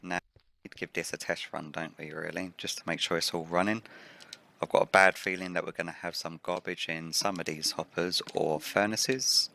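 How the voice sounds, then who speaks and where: A man hosting a game let's play, relaxed and thinking aloud while he builds, his voice a little rough from the early morning. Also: low voice, normal speed, slight background noise. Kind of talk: casual gameplay commentary.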